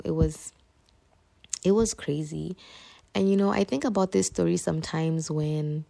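Young woman podcast host, deep voice with fry, heartfelt testimony. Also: mellow. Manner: emotional storytelling, addresses listeners as "you guys". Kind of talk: personal testimony on a faith podcast.

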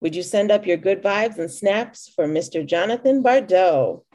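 A showy female club emcee gushes in a sing-song lilt over the crowd, as a woman reader puts her on. The tone stays soft and mellow, never sharp. It is a storybook reading, not a full performance. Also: medium pitch, expressive, normal speed, natural voice. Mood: gushing.

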